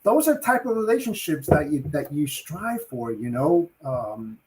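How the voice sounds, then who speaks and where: A man co-hosting a morning talk show, telling stories in a lively way and acting out phone calls. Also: fairly high pitch, measured pace, rough recording. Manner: lively storyteller who acts out phone calls. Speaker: co-host. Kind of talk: casual morning show storytelling.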